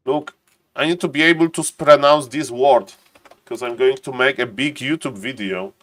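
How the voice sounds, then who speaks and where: A young man streaming and commenting on a strategy game replay, excitable, talking to chat in non-native English and tripping over words. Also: mid-range voice, normal speed. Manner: excitable, talks to chat, keeps saying "ladies and gentlemen".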